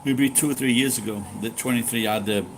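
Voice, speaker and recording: A middle-aged man from Yorkshire, chatting casually on a livestream, rambling and halting, speaking slowly and swearing now and then. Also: mid-range voice. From Yorkshire, England. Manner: talks slowly and deliberately. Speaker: livestream host. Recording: steady background noise.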